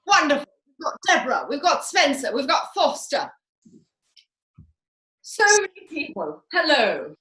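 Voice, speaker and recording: Casting: woman doing a high, bright-voiced, pompous grande dame, swooping and theatrical, echoey video call. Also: big pitch swings, a little slow, pauses often, exaggerated voice. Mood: gushing grand. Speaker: host of a live online master class. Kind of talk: comic character performance.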